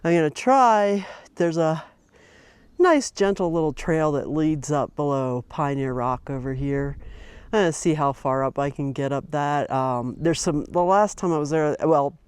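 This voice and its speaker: A woman's voice: deep voice, measured pace, darkish tone, clear, resonant tone, no echo. Chatty middle-aged woman out on a hike. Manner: chatty and rambling, with many fillers and restarts. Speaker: hiking vlogger. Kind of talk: casual narration while hiking. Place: outdoors on a mountain trail.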